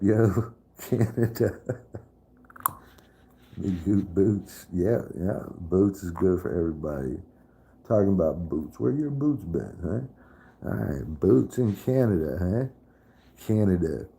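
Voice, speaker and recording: A man's voice: low voice, creaky, dark tone, husky. A man in a casual live stream chat, profane and trash-talking, laughing often.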